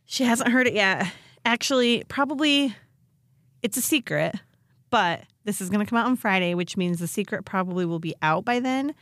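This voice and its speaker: A woman co-hosting a podcast in casual chat, telling a story with lively quoted voices. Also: medium pitch, moderate pace, dry recording, studio quality. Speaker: podcast co-host.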